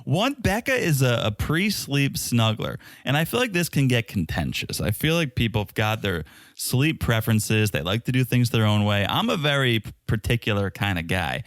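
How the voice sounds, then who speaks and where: A man's voice: mid-range voice, very animated, moderate pace, few pauses, a bit bright, no echo. A man co-hosting a reality-TV podcast, chatting casually with dry, teasing humor. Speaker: podcast co-host. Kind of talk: casual chat.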